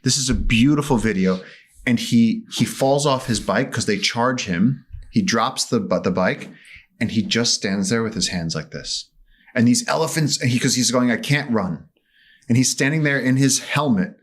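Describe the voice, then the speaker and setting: A man as a podcast guest, telling animated stories and acting out the voices in them. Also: mid-range voice, normal speed, breathy edge. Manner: vivid, acts out voices in his stories. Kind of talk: animated storytelling in conversation. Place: studio.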